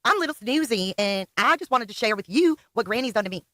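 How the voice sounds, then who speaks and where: A woman's voice with a bright, sharp tone and lively swings in pitch. She is a guest on a live stream. She bantered in a playful, scattered way and teases the host. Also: quick pace, no echo, clean studio sound.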